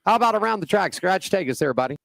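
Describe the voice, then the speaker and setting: A man's voice: high voice, expressive, quick pace, creaky, a bit bright, dry recording. A male co-host of a racing radio show reading the race weather and an ad in an easygoing, folksy way. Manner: easygoing, folksy, says buddy and man. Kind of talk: casual racing radio talk. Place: Las Vegas area.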